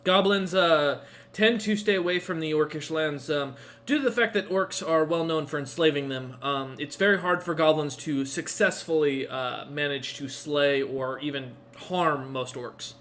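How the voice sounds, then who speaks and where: A man voicing a dutiful male city guard who reports to his lord in an earnest, halting way. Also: a little high, fairly bright tone, lightly acted.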